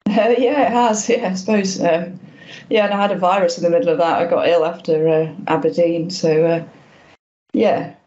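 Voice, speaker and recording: A woman's voice: on the low side, steady tone, moderate pace, mellow. Hesitant woman in her fifties, slightly muffled. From Wales. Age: 50s. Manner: hesitant, lots of ums and restarts, self-deprecating. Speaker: guest, masters swimmer. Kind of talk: casual interview chat.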